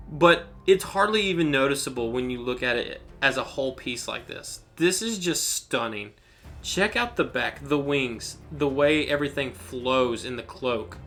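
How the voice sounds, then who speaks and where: A man's voice: medium pitch, bright, forceful tone. A man hosting an unboxing video, talking in an enthusiastic, rambling way as he gushes over each item. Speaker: unboxing channel host. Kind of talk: excited unboxing commentary.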